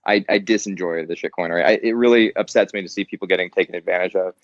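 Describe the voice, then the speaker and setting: A man's voice: sits low, fairly even intonation, fast talker, dry recording. A man talking as an interview guest in casual chat, blunt and profane, laughing often. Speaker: podcast guest. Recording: dry, dull lo-fi sound.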